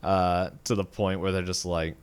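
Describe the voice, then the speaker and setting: Podcast co-host, male, low and smooth voice, rambling casual recap full of fillers and chuckles. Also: flat delivery, normal speed.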